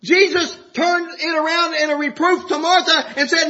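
Man, preacher, sermon, very high voice, bright and forceful, folksy with chuckles, fervent, muffled lo-fi recording. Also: fairly even intonation, normal speed, few pauses. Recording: dull lo-fi sound.

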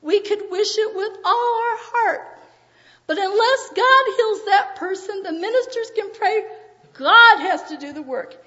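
A woman preaching a sermon with emotion, often pausing on "uh" as her voice breaks. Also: very high voice, bright, forceful tone. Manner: emotional, frequent "uh" fillers, voice breaking. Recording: dull audio in a reverberant hall.

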